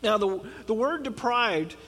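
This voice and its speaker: A man preaching a conversational sermon, swinging between quiet, low asides and emphatic rising declarations. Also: lively intonation, measured pace, in a large hall, soft background music. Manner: conversational preaching with dramatic drops and rises. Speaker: pastor.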